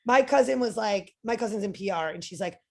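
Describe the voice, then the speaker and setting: A young adult woman, a podcast guest, telling a story in a lively way, acting out what others said and using "like" a lot. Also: mid-range voice, fairly quick, vocal fry. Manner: lively, acts out quoted voices, frequent "like" fillers. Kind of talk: animated storytelling.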